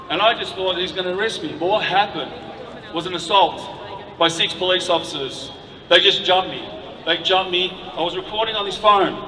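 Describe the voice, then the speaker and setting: A man's voice: high-pitched, fairly quick, a crowd in the background. Indignant man addressing a protest. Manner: emotional, indignant. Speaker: protest speaker. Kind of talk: impassioned outdoor speech to a crowd. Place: city street at night, outdoors. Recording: echoey, distant street recording with noise.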